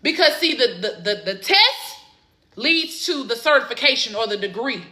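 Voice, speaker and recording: A Southern woman coaching exam takers on a phone live stream, with a Southern accent and a bright, cutting voice pitched a little high. She talks in an excitable, encouraging way and cheers her viewers on. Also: normal speed. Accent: Southern American. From Southern United States. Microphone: phone camera.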